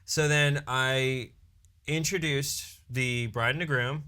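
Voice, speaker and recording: A man, a wedding DJ and emcee co-hosting a podcast, telling a story in a casual, animated way and peppering it with "you know" and "right". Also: mid-range voice, slow, smooth. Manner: animated storyteller who briefly acts out his own hype announcements.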